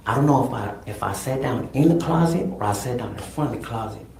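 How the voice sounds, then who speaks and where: A man giving halting courtroom testimony, repeating words and often saying "man". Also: mid-range voice, expressive, gravelly, darkish tone. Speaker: defendant testifying. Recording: echoey courtroom with noise.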